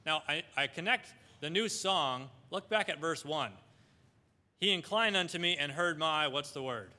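A man's voice: a little high, expressive, normal speed, bright, forceful tone, long reverb tail. A man preaching a sermon, reading scripture aloud in old wording and asking the listeners questions.

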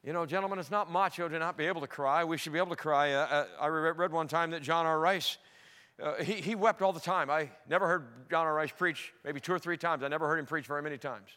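A middle-aged male pastor preaching a sermon, swinging between loud emphatic peaks and soft low asides. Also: quick pace. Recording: long hall reverb.

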